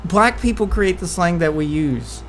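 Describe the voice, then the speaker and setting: A woman's voice: lowish voice, lively intonation, moderate pace, a little hiss or hum. A woman streamer chatting casually on a live stream, blunt and crude, joking and talking over her co-host. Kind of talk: casual chat.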